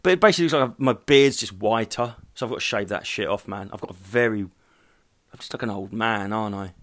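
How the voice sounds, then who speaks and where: A man's voice: lowish voice, a little fast, a bit bright. A middle-aged man hosting a solo podcast at home, rambling and sweary, hot, hungover and tired. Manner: rambling, sweary, self-mocking. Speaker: podcast host. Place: at home, walking through rooms.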